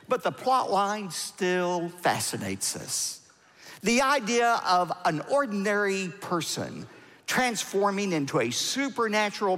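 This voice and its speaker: A pastor preaches to his congregation in a rather high, animated voice that rises and falls sharply. He leans on key words with dramatic pauses. The sound carries a long reverb from a large church hall. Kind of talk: sermon.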